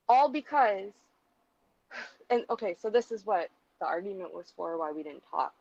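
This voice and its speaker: Gravelly-voiced woman ranting on a vlog. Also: on the low side, no echo, dull audio. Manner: heated, profane, rambling with many fillers. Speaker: vlogger. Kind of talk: casual storytelling rant.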